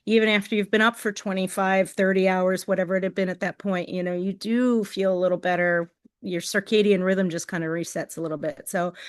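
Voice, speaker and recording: A woman guest on a podcast, telling a lively story full of fillers and acted-out quotes. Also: medium pitch. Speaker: guest, open water swimming crew member.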